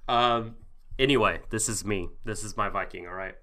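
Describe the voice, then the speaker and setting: A man's voice: on the low side, normal speed, crowd noise. A man hosting a podcast in a jokey, rambling casual chat with lots of fillers. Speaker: podcast host.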